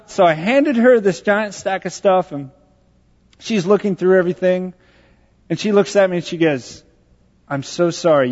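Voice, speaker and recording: A pastor from Texas preaching a sermon, telling a personal story in a conversational, joking way. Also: male voice, on the high side. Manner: conversational and joking, with self-deprecating asides. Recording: dull sound in a large reverberant hall.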